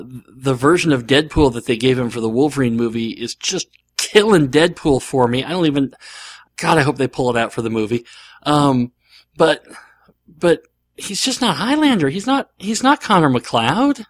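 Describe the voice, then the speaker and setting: A man's voice: medium pitch, animated, normal speed, no echo. A man hosting a podcast, talking casually and rambling animatedly, with frequent fillers and restarts. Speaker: podcast host. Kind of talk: casual solo podcast monologue.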